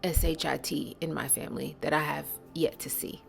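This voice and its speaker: A woman giving a blunt, earnest and emotional spiritual monologue, stressing slow words and sometimes dropping to a whisper. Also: sits low, fairly even intonation, gravelly, soft background music. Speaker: spiritual channel host.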